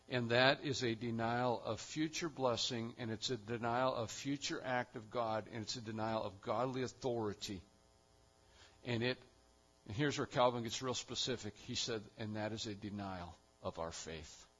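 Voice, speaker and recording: A man preaching a sermon, building to loud emphatic repetitions and then dropping to quiet, low stretches. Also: husky, lo-fi sound. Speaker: pastor.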